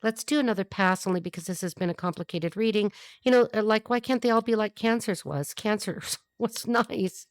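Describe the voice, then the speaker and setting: A woman's voice: medium pitch, a little fast, no echo, studio quality. A woman giving a casual tarot reading, blunt and profane, tossing off wisecracks and jumping from thought to thought. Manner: animated, jumps between thoughts. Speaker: tarot reader.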